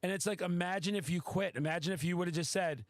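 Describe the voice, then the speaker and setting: A man hosting a podcast, telling a story in casual chat, excitable and swearing freely. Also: sits high, fast, no room sound. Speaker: podcast host.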